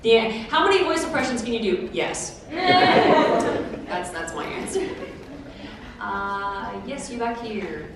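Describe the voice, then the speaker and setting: A young cosplayer fields audience questions at a convention panel, her voice on the high side with lively intonation. She talks slowly with long pauses, chatty and laughing, full of fillers and restarts. The mic is distant in an echoey, noisy hall.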